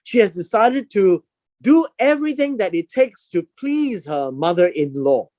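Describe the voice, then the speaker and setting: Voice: mid-range voice, very animated, unhurried, warm tone, no room sound. A Bible teacher giving a verse-by-verse lesson, explaining word meanings and repeating key words for emphasis.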